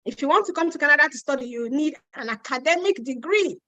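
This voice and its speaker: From her home in Ontario, a Nigerian woman with a Yoruba accent hosts a live Q&A webinar, her high, sharp voice quick and animated. The audio is dull with no room sound, and she reads viewer questions aloud, answering them chattily and emphatically while repeating her points.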